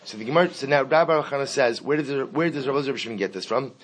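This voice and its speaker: A man's voice: medium pitch, rapid-fire, a little hiss or hum. A man teaching a Talmud lesson, switching between Hebrew and English, repeating key phrases and asking rhetorical questions.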